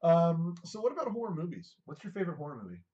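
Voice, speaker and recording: A man's voice: a little high, big pitch swings, quick pace, a little mellow, lo-fi sound. A man co-hosting a casual chat show, talking in an offhand, wry way. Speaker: podcast co-host.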